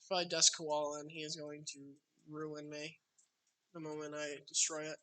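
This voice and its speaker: This card game streamer speaks with a high-leaning, bright, smooth voice and a forceful tone, yet his delivery is completely flat and at normal speed. He chats casually on the live stream, addressing his opponent as he plays.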